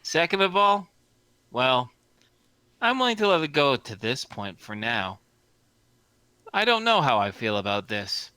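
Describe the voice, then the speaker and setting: A man's voice: medium pitch, big pitch swings, a little slow, long pauses, sharp tone, clear, resonant tone, dry recording. A man playing a tabletop role-playing game, speaking in character with a tough, dismissive manner. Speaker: player.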